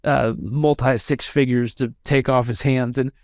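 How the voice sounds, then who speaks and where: Animated man telling a story, crisp voice. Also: medium pitch, measured pace, no echo, clean studio sound. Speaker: guest. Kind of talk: storytelling in a podcast interview.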